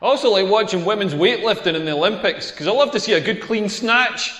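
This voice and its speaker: A man's voice: high-pitched, lively intonation, fast, a bit bright. An actor playing a brash, crude male stand-up comedian, rambling through punning jokes with many restarts on a comedy club stage. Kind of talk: stand-up comedy routine in a game scene. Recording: echoey hall reverb.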